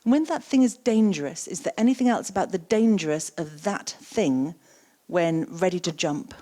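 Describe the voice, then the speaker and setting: Lively woman giving an interactive keynote. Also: fairly low pitch, normal speed. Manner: lively, repeats audience's words, asks questions. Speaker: keynote speaker and coaching trainer. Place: conference stage.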